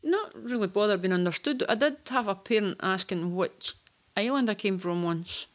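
A woman teacher with a Highland Scottish accent, talking matter-of-factly in a group chat. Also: normal speed.

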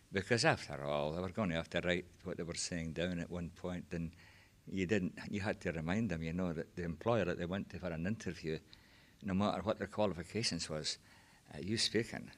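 A man's voice: deep voice, a little fast. An older man with a Scottish accent, a former teacher on a discussion panel, recalling his past in a hesitant, restarting way. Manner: hesitant, restarts phrases, animated. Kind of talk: reflective conversational storytelling.

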